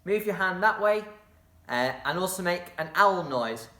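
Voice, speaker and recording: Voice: mid-range voice, animated, moderate pace, sharp tone, echoey room. A drama workshop leader guiding children through a movement game, encouraging them and making playful sound effects.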